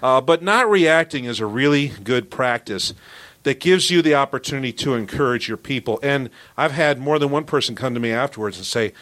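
A man's voice: mid-range voice, animated, brisk, fairly bright tone. A man who is a pastor, co-hosting a podcast and talking earnestly about church leadership. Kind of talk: casual podcast talk.

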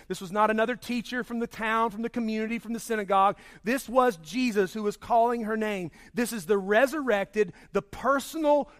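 A man preaching a sermon, swinging between loud emphasis and hushed, slow passages. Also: high voice. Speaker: pastor.

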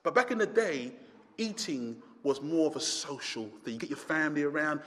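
A man preaching a sermon, impassioned, rising to near shouts and then dropping low. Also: very animated, normal speed. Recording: hall reverb.

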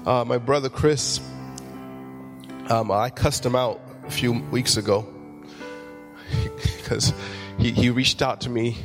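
A man's voice: mid-range voice, fairly even intonation, slow, pauses often, music in the background. A man, a pastor, preaching a sermon in church and telling funny stories with acted-out quotes. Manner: humorous storytelling, acts out quotes.

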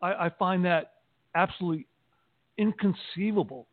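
A man speaking in a measured way with formal wording in a casual discussion. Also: high-pitched, no echo. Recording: tinny phone-like call audio, dry.

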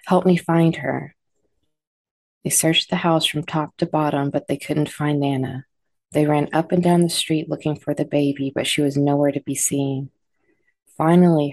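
Woman narrator, scary stories, low voice, mellow, measured and dramatic, dry sound. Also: level tone, no room sound. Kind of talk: scripted horror story narration.

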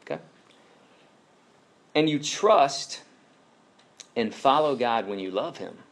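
A man in his thirties delivers a sermon in a loose, conversational way, leaning on asides and questions to the room. His pitch sits in an ordinary middle range for a man. He slips easily into retelling and storytelling as he preaches. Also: expressive, takes it slowly. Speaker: pastor.

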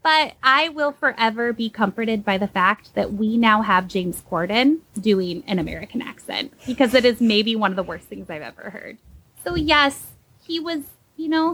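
A young woman talks through a casual podcast discussion, slightly high-pitched. She is animated and sarcastic, leaping upward in pitch whenever she mocks someone. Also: moderate pace, low-quality recording. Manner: animated, sarcastic, with pitch jumps when mocking. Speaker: podcast co-host.

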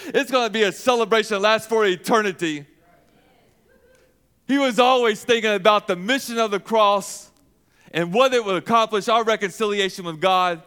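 A man's voice: sits high, moderate pace, a bit bright, smooth. A male pastor preaching a sermon, asking questions and answering them himself, with emphatic repetition.

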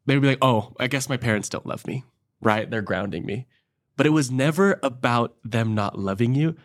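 A young man co-hosting a casual faith podcast, talking in a reflective, earnest way. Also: medium pitch. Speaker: podcast co-host.

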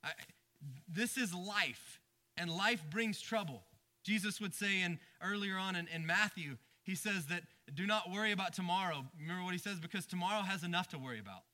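Pastor guy preaching, chatty, stumbles over words a lot, bright slightly high voice, goes quiet on the big points. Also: a little fast. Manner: conversational preaching, dropping low and quiet for emphasis; frequent stammered restarts. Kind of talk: sermon.

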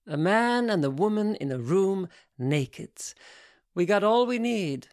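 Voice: mid-range voice, animated, takes it slowly, no echo, clean studio sound, voice pushed up. A reader voicing a frank, worldly woman who speaks with blunt, coaxing provocation in an audiobook.

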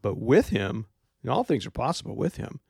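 A man's voice: medium pitch, very animated, normal speed, vocal fry, a little mellow, slightly rough, dry recording, clean studio sound. A man hosting a devotional podcast, reading scripture and explaining it in a plain, conversational way. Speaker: podcast host and Bible teacher.

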